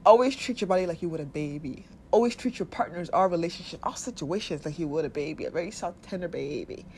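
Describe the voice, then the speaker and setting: A woman with a lowish, slightly mellow voice talks quickly and animatedly, handing out casual spiritual self-help advice in a blunt, profane way. She laughs often and acts out little quoted voices of the body and soul, over a faint hiss or hum.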